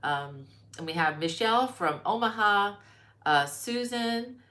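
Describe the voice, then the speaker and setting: Here the crochet host, a middle-aged woman at her mother-in-law's home, sounds animated, pushed, and bright in a mid-range voice, moving a little slowly. She keeps her live stream chatty, calling out viewers by name amid plenty of ums.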